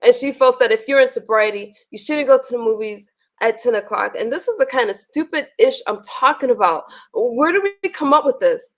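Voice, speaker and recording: A woman's voice: on the high side, expressive, a little fast, a bit bright. A woman hosting a casual livestream, venting bluntly with profanity and frequent restarts. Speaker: livestream host.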